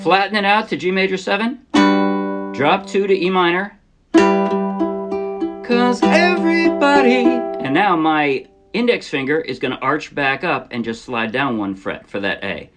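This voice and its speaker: In a casual ukulele tutorial, a man teaches a song step by step, explaining patiently and encouraging beginners. His voice is on the high side at a moderate pace, heard over loud music from the ukulele playing underneath.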